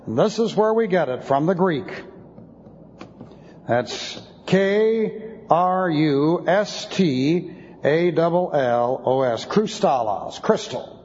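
Man, slow measured sermon delivery, slightly high voice, dull lo-fi recording, long hall echo. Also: darkish tone. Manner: slow, deliberate, spells out Greek words letter by letter. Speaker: Bible teacher. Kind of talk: expository sermon with Greek word study.

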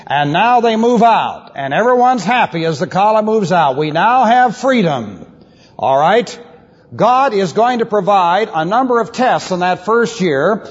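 A man teaching the Bible as a pastor, emphatic, asking rhetorical questions and swinging his pitch widely. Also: slightly rough. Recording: lo-fi reverberant hall recording.

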